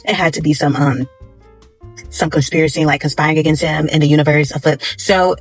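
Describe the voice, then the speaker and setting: Quick, husky-voiced vlogger recapping a comic with animated gossip over faint music. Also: medium pitch. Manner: animated, gossipy, filler-heavy. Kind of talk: casual chat.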